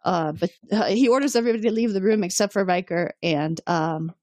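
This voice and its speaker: A woman's voice: medium pitch, a little fast, no room sound. Woman recapping an episode casually. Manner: animated, acts out characters' lines in quotes. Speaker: podcast co-host.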